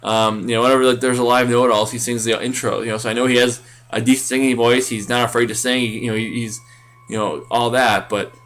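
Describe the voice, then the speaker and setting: A man's voice: mid-range voice, level tone, quick pace, a bit bright. Rambling man recapping a show. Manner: rambling, many fillers and restarts. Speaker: podcast co-host. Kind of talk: casual recap chat.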